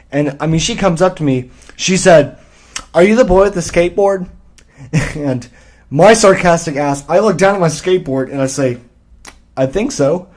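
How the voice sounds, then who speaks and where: A man in a mid-pitched voice recounts a story in a loose, sarcastic and profane way. He laughs often, restarts his sentences and rambles like he is talking to friends. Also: darkish tone. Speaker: channel host. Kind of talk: storytime vlog.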